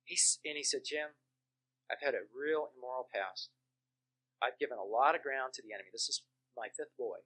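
Pushed and bright with a breathy edge, this mid-range male voice belongs to a Christian minister and counselor. Preaching through testimonies, he tells stories earnestly and leans hard on important words.

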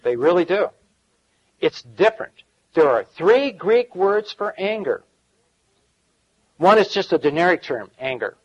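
Lively man preaching a folksy sermon. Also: high-pitched, a little slow, pauses often, muffled recording. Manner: folksy preaching with asides and chuckles. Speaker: pastor.

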